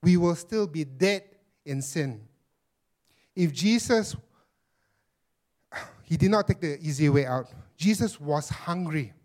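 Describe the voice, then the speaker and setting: A man pastor delivering a sermon with a slightly higher-pitched voice. He preaches emphatically, repeating key phrases and addressing the congregation as friends. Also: lively intonation, slow, long pauses, a little mellow.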